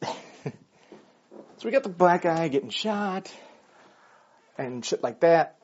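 A man's voice: on the high side, expressive, normal speed, pauses often, breathy edge. A man delivering a blunt, profane, argumentative monologue while walking his dog. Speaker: vlogger. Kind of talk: casual ranting monologue. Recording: dull lo-fi recording.

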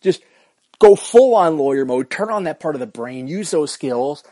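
A man's voice: fairly high pitch, expressive, moderate pace, warm tone, no room sound. A man hosting his own podcast, rambling through a profane, self-mocking solo rant. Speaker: podcast host.

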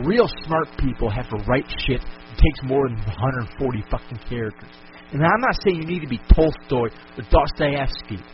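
A man's voice: mid-range voice, muffled recording, a little hiss or hum. A man hosting a podcast, delivering an angry solo rant full of profanity and furious outbursts. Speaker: podcast host.

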